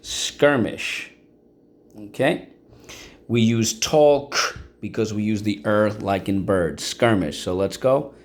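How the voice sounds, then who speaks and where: A man's voice: fairly low pitch, slow. A male teacher giving a vocabulary and phonics lesson, encouraging and checking in often with the class. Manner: encouraging, checks in with frequent "okay?".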